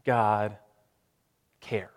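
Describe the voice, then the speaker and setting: A man preaching a sermon, moving between raised emphatic lines and hushed, slow repetitions. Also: lowish voice, flat delivery, long reverb tail.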